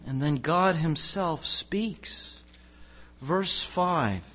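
A man preaching a sermon as pastor, emphatic and rhetorical, swinging between loud declarations and hushed passages. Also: on the high side, lively intonation, very slow, highs cut off.

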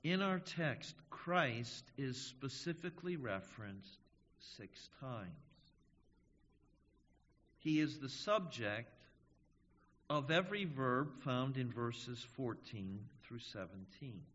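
Slow, emphatic male preacher in a hall. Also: medium pitch, animated, a bit bright, slight background noise. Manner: emphatic, slow and measured, stressing key words. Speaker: pastor. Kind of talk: sermon. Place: church sanctuary. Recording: dull audio in a reverberant hall.

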